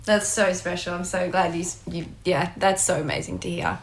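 A woman hosts a relaxed interview, warm and easily moved, and she laughs often. Her voice sits on the lower side. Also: vocal fry. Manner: warm, emotional and quick to laugh. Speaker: podcast host. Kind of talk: casual interview chat.

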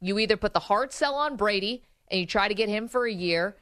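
A woman's voice: mid-range voice, animated, brisk, fairly bright tone, no echo, clean studio sound. A woman co-hosting a sports talk show, chatting casually about football and laughing often. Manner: laughs often, chatty, reads quotes aloud.

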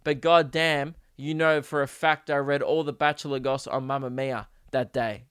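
A man's voice: medium pitch, steady tone, normal speed, fairly bright tone, smooth, no echo, clean studio sound. A young man hosting a casual solo podcast, rambling and joking with mock drama. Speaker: podcast host.

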